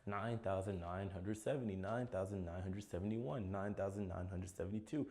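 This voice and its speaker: A tired man counts numbers aloud one after another for a video meant to help people fall asleep. His voice sits very low, and he plods along wearily, sighing and losing track now and then. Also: normal speed, warm tone. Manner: tired, plodding counting with sighs and slips. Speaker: content creator. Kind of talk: slow counting for sleep.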